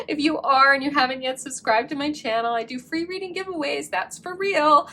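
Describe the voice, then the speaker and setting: A woman's voice: high voice, fairly quick, few pauses, pushed and bright. A woman reading tarot cards to camera in a gushing, effusive way, full of fillers and affirmations. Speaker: tarot reader.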